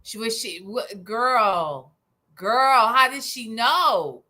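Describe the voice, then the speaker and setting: Bright, animated sarcastic woman host. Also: a little high, extremely slow. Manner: mock-outraged, teasing, sarcastic. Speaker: livestream host. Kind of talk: sarcastic livestream commentary.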